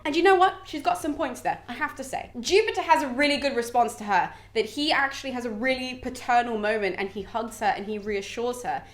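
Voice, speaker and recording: Chatty woman retelling an old epic. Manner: chatty, jokey, acts out characters' lines with raised pitch. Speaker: literature summary vlogger. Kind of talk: casual retelling of a classic epic.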